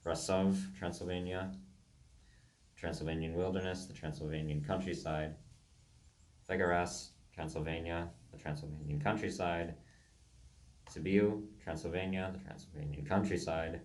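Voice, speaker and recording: Deep-voiced young man reading his stories. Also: fairly even intonation, moderate pace, a little mellow, reverberant. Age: young adult. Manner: stumbles over foreign names and corrects himself aloud. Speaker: amateur writer reading his own game stories. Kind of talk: casual reading of his own writing.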